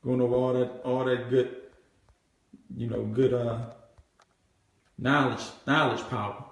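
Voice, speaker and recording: A network marketing trainer leads a live group coaching session, speaking at a measured pace with a medium-pitched voice. He's animated and repetitive, frequently asking "right?" and acting out what prospects are thinking. The room is very echoey and the mic sits far away.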